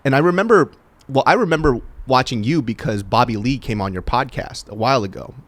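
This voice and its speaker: Guest comedian: man from California, bouncy up-and-down pitch, laughs a lot, salty talk. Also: a little fast, no echo. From Sacramento, California. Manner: laughs often, animated and profane. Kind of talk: casual podcast chat.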